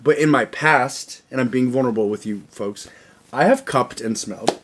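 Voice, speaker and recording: A man's voice: medium pitch, background noise. A man co-hosting a casual podcast, bantering and swearing as he trades jokes. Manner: joking, swearing, quick to banter. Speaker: podcast co-host. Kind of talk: casual chat.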